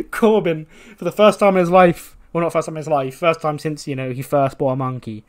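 A man's voice: a little high, fairly even intonation, moderate pace. A man giving casual, rambling, jokey commentary on a game he is playing. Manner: rambling, jokey, slangy storytelling. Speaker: gaming YouTuber. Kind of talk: casual let's-play commentary.

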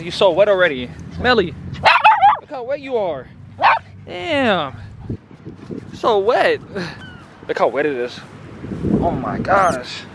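A man with a fairly high voice talks casually to the camera on a handheld phone while out walking. He keeps slipping into sing-song coaxing baby talk with his dog and laughs often. Faint outdoor ambience sits under his voice. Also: slight background noise. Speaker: vlogger. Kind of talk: casual vlog narration. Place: outdoors in a city park and streets.

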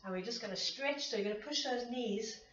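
A woman's voice: a little high, fairly quick, fairly bright tone, a little hiss or hum. A woman leading a pilates class, counting reps and a bit out of breath as she exercises along. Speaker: pilates instructor. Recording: echoey room, distant dull mic.

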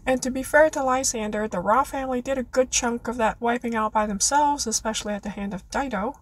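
A woman's voice: a little high, a little fast, rough recording. A woman reading out her prepared fan essay in an earnest way, with playful dramatic flourishes. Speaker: listener contributor.

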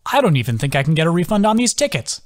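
A man voicing an anxious young male team leader who rants, grumbles and half-yells, in an audiobook. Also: a little high, sing-song, fast, voice pushed up. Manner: frantic, grumbling, yelling.

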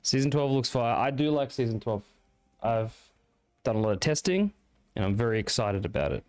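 A man's voice: medium pitch, animated, moderate pace, a little mellow, clear, resonant tone, no echo. A young Australian man with an everyday voice chats casually to his stream audience. He rambles loosely and swears freely. The recording is dry and close, with no room sound. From rural Victoria, Australia. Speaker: game streamer. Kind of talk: casual chat.

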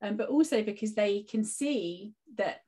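A woman's voice: mid-range voice, animated, a little slow, mellow. A woman, a guest teacher and author, speaking in a casual conversational interview and giving reflective, encouraging advice.

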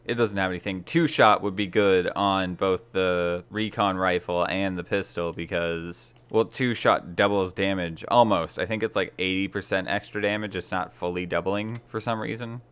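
Low smooth-voiced man narrating gameplay. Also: a bit bright. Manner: chatty, rambling, dryly sarcastic. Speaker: let's play host. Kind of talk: casual gameplay commentary.

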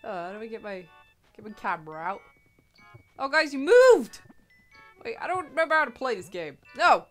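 A woman giving casual gameplay commentary, excitable, swearing and laughing as she reads game dialogue aloud. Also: mid-range voice, fast talker, soft background music. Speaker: gaming video creator.

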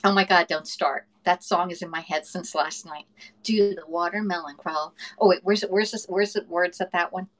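A middle-aged woman from the northern United States hosting a cooking livestream, chatting fast, laughing often and reading viewer comments aloud. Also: lowish voice, fairly even intonation, fairly bright tone, low-quality recording. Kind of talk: casual livestream chat.

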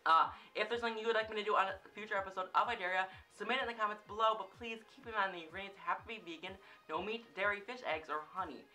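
Rambling young man with a bright voice. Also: high-pitched. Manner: rambling and self-conscious, stumbles over words. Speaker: dare-challenge vlogger. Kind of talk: casual food-challenge vlog. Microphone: camera facing him.

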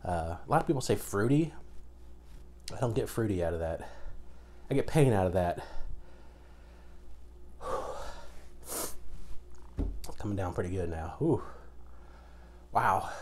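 A man's voice: lowish voice, lively intonation, normal speed, darkish tone. Man gasping through a pepper burn. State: strained from pepper heat, slurring slightly. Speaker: vlogger eating hot peppers. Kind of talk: casual vlog.

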